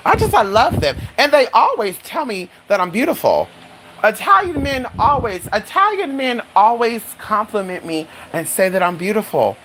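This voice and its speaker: Flamboyant streamer, sassy and chatty, mid-pitched voice, faint hiss behind. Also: big pitch swings, moderate pace, a bit bright, poor audio. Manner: sassy and flamboyant, calls listeners honey and girl; swoops high for dramatic exclamations. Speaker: livestreamer. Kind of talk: casual live-stream chat.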